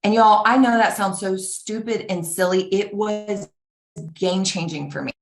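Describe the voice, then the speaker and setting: A woman giving an earnest, animated personal talk, acting out the voices of the people she quotes. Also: medium pitch, measured pace. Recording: roomy echo.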